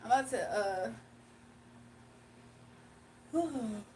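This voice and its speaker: A young woman with a high voice talks casually to her stream viewers, laughing a lot and now and then singing a few lines. She sits a little back from the mic, and faint background noise runs under her voice. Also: animated, drawn-out words, mellow. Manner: chatty, laughing, breaks into song. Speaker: live streamer. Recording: slightly distant mic with faint room noise.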